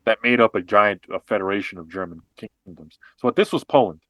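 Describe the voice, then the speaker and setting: A man co-hosting a podcast, explaining history and politics in an animated, casual way with frequent restarts and fillers. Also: on the low side, brisk, no room sound. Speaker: podcast co-host.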